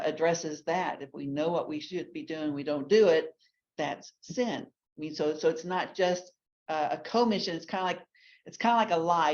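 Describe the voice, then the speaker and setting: A woman teaches a ladies' Bible class, talking chattily and restarting her sentences. Her voice sits a little low. The recording sounds dull and lo-fi. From Texas. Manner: chatty, with many restarts and asides.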